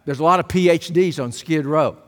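A man preaching a sermon as pastor, emphatic and rising to loud exclamations. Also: a little high, brisk. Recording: long reverb of a large hall.

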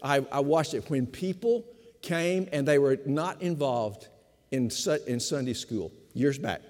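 An older man, a pastor of fifty years, preaching a sermon with emphatic repetition, slowing for stress and speeding through asides. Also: medium pitch, darkish tone. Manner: emphatic preaching, repeats key phrases, shifts between slow stress and quick asides. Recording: long hall reverb.

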